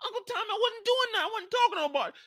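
A man voicing a young teen boy, pitched up high into a whiny, pleading tone. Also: expressive, rapid-fire, sharp tone, no room sound, clean studio sound, exaggerated voice.

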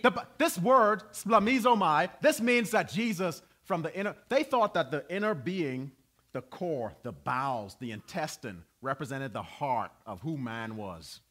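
A male pastor delivering a sermon in church. His voice sits a little high and bright for a man, and his pitch swings widely as he builds to loud, emphatic peaks and then falls back to hushed, low asides. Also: expressive, measured pace.

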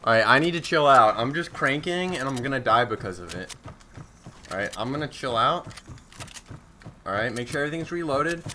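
Excitable young male game streamer. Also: medium pitch, a little fast, long pauses, slight background noise. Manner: casual, excitable, self-mocking, slangy. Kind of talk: live gameplay commentary.

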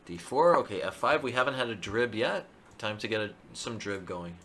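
A male chess streamer thinking aloud through his live game, excitable and self-mocking. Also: on the low side, normal speed, slight background noise.

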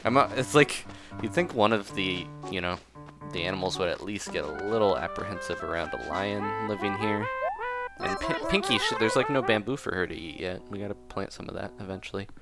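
Low-voiced man narrating his gameplay. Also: brisk. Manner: easygoing, rambling, chuckles often; reads game dialogue aloud in playful voices. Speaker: game commentator. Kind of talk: casual gameplay commentary. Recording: game music playing under voice. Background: game music.

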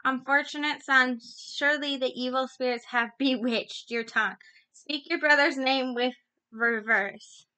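A woman's voice: high voice, steady tone, measured pace, bright, forceful tone, smooth. A woman doing a stern, scolding mother.

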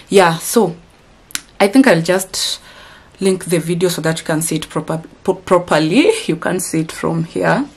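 A woman from Kenya vlogging to her camera, upset and rambling with restarts. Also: fairly low pitch. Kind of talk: casual vlog to camera. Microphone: camera mic.

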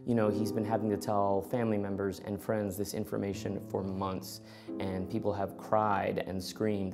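A middle-aged man tells a true personal story. He acts out the dialogue of everyone in it, keeping a conversational tone, with faint music playing softly beneath his voice. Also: lowish voice, vocal fry. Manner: animated, acts out both sides of dialogue.

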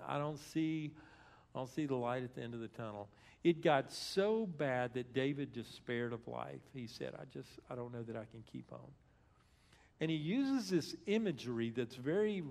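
Gravelly-voiced man preaching a sermon. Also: mid-range voice, a little mellow. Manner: conversational preaching, acts out scripture in everyday speech. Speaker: guest speaker. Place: church.

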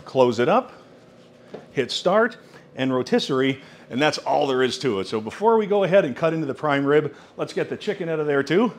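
A man hosting a cooking vlog, demonstrating a kitchen appliance at home with excited exclamations and frequent laughs. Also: fairly high pitch, a little fast, slight background noise. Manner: enthusiastic, exclamatory, laughing often. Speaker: cooking channel host. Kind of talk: product demo cooking vlog.

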